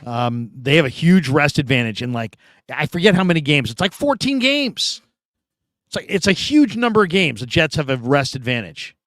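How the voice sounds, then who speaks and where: A middle-aged man hosting a casual sports talk stream, rambling and telling stories with loud acted-out quotes. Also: fairly high pitch, moderate pace, no echo. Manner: rambling, animated storytelling, acts out quotes loudly. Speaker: show host.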